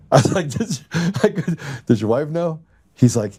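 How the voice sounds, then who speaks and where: A man's voice: medium pitch, big pitch swings, normal speed, mellow, slightly rough. A man hosting a podcast, chatting casually and telling a story while laughing often and acting out quoted dialogue. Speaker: podcast host. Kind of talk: casual chat.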